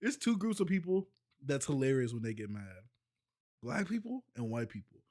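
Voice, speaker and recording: A man's voice: medium pitch, sing-song, normal speed, a little mellow, no room sound, studio quality. A man streaming from home, reacting to videos in casual chat and laughing constantly through his loose, slangy banter.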